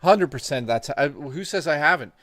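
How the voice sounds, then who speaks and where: A man telling crude, animated stories in casual chat as a stream co-host. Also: a little high, normal speed, no echo.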